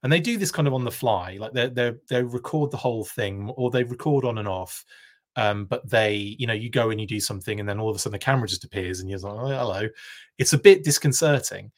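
A man's voice: on the low side, fast. A man with a British accent hosting a live stream, telling a long rambling anecdote full of tangents. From United Kingdom. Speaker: live show host. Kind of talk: casual live-stream chat.

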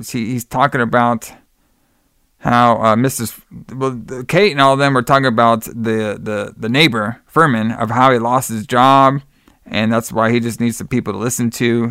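A man's voice: medium pitch, fairly bright tone, clear, resonant tone, no echo, studio quality. A man co-hosting a podcast, recapping a film scene by scene and acting out the characters' lines. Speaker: podcast co-host.

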